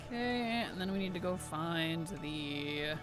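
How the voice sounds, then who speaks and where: A man's voice: a little high, lively intonation, a little slow. A man chatting casually on a game live stream, answering viewer chat with easy laughs. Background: background music.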